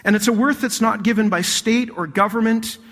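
High-voiced animated preaching man. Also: a little fast, in a large hall. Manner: animated, swings between loud emphasis and hushed intensity. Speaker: pastor. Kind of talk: sermon.

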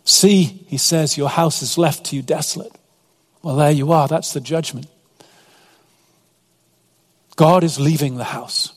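Man, pastor, earnest sermon, scripture reading, fairly high voice, long hall reverb. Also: moderate pace.

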